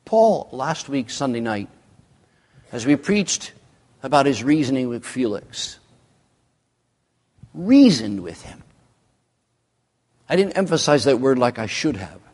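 Slow, emphatic male preacher in a hall. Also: big pitch swings, darkish tone. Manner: slow, emphatic delivery with sweeping pitch. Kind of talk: evening sermon.

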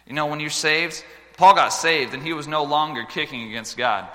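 A man preaching a sermon to schoolchildren, telling stories with lively swings between loud exclamations and quiet earnest moments. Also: on the high side, normal speed, big-room sound. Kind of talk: sermon with storytelling.

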